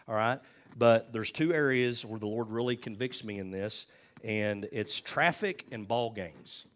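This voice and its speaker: A middle-aged pastor, telling a self-deprecating story in a folksy, animated sermon. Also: male voice, fairly low pitch.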